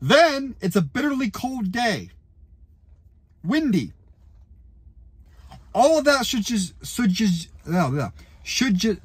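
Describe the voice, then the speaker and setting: Angry man, fan rant, profane, high voice, husky, dry close sound. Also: lively intonation, moderate pace, dry recording. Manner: furious, profane, ranting with shouted outbursts. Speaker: YouTuber and football fan.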